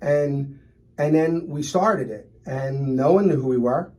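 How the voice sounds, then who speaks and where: Philly guy, middle-aged, lively storyteller, slightly high voice. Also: a little slow. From Philadelphia. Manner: animated, acts out customers in his stories. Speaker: restaurant owner, guest. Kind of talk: storytelling in a casual interview.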